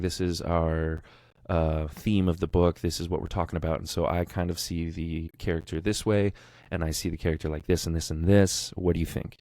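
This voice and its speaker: An enthusiastic man co-hosts a relaxed podcast and talks eagerly about character work. His voice sits very low. It is recorded close and dry, with no room sound. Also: no room sound. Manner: enthusiastic, nerdy, talks fast when excited. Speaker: podcast co-host, audiobook narrator. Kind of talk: casual podcast chat.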